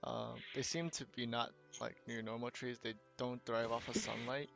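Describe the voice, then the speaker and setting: A young man narrating a tabletop game as game master, talking casually and pausing often with ums. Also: medium pitch, little pitch movement, creaky, music in the background. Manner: casual, hesitant with many ums.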